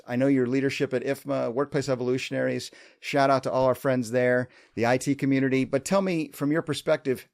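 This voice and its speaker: A man's voice: mid-range voice, a little mellow. A man hosting a podcast, introducing and chatting with a guest in an enthusiastic, joking way. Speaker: podcast host. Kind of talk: casual interview chat. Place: remote video call.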